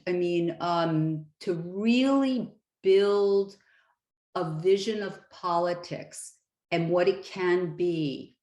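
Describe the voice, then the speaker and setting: A middle-aged woman professor answering interview questions, thinking aloud with many "you know"s. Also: medium pitch. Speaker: guest professor. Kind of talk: academic interview. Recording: echoey room.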